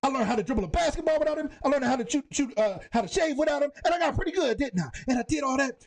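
A man doing a heartbroken young guy crying out about his absent dad, high and pleading, voice cracking upward, rushed and desperate. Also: steady tone, darkish tone. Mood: anguished. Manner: pleading, rising to a breaking cry.

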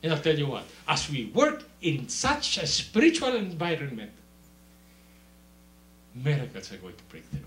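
Pausing at length between moderately paced passages, a man preaches with great animation, dropping into hushed, low remarks before rising to loud, high-pitched cries. Laughter punctuates his stories, and the recording is reverberant.

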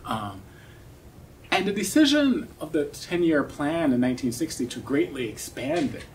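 A man's voice: fairly high pitch, sing-song, moderate pace. Man lecturing at a seminar, distant mic. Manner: thoughtful, explanatory, frequent "um" and "right?". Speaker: academic speaker. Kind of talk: seminar talk. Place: seminar room. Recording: distant mic with faint noise.

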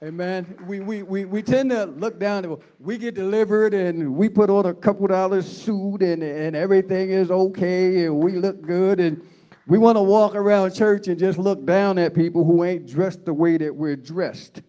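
Guest preacher, a man, lively call-and-response delivery. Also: high voice, normal speed. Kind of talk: sermon.

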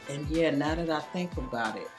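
A woman with a very low, deep voice gives comedic commentary to camera. She tells her stories with animation, acting out each quote and breaking into laughter. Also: moderate pace, music in the background. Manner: animated storytelling, acts out quotes, laughs often. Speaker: cast member.

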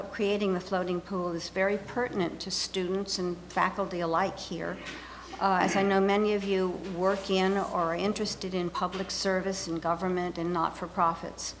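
A woman's voice: on the low side, a little hiss or hum, low-quality recording. An older woman giving an informal talk as guest speaker, chatty and stumbling over words now and then. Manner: chatty, with slips and self-corrections. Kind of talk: informal lecture, reading a joke aloud.

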